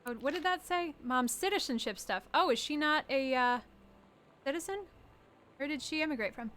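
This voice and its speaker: A woman's voice: high voice, moderate pace, fairly bright tone. A woman streaming a game, chatting and reacting aloud, swearing casually as she reads what she finds. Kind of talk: live game commentary.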